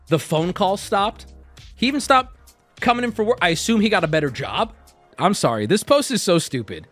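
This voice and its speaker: A man streaming, riffing in casual commentary with crude jokes, lurching between loud rants and low mutters. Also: very animated, fairly quick, soft background music.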